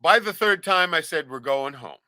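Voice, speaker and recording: Man, animated profane storyteller, very bright tone, dry close sound. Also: a little high, normal speed, no room sound. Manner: animated, swears a lot, laughs often, acts out quoted voices.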